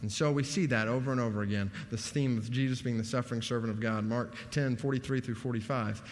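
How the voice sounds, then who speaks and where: A man preaching in a large hall, his voice trailing off into a long reverb. He has a middle-range pitch and lifts it emphatically whenever he drives a point home. The delivery is a sermon, animated and earnest. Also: fast. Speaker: pastor.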